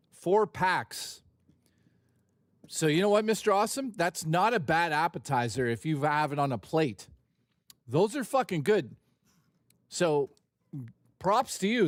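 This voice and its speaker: A man riffing on his live stream with a slightly high, bouncy pitch that swings up and down a lot. He jokes and curses freely in an easy, casual way. The sound is dry and close. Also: no echo. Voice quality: animated, profane, joking.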